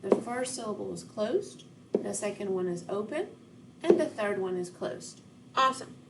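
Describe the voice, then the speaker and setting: A woman's voice: mid-range voice, lively intonation, moderate pace, gravelly, very noisy. A woman teacher giving a recorded lesson to children, speaking patiently and encouragingly straight to her students.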